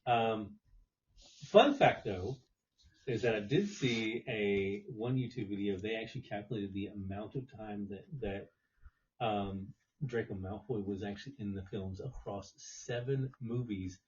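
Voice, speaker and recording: Low-voiced hesitant man sharing trivia. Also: a little slow, a little mellow, lo-fi sound. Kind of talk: casual chat.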